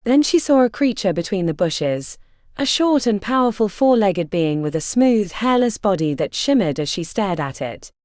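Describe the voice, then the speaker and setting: A woman reading a fantasy audiobook aloud in an expressive, dramatic way. Her voice is dark and mellow, with wide, lively pitch movement, and the recording is close and dry. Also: moderate pace, no room sound. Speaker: audiobook narrator. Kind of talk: scripted audiobook narration.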